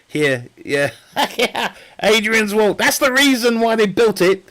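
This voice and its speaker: A man's voice: high-pitched, sing-song, a little slow, pushed and bright. A man streaming a game, chatting casually in a rambling, joking way, laughing often and swearing. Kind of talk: casual live-stream chat.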